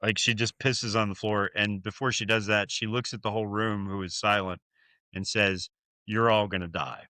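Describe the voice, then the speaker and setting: His voice is low-ish and level, delivered at normal speed in a pushed, bright, clean tone with no room sound. The American man is co-hosting a podcast, recapping a horror film in a profane, filler-heavy, easygoing way.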